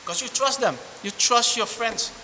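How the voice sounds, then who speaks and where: A man preaches in a lively, repetitive way, circling back over his words and restarting phrases. His voice sits high and sounds very bright. A long church reverb and faint hiss surround him. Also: moderate pace. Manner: animated, repetitive preaching with frequent restarts and asides. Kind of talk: sermon. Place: church hall.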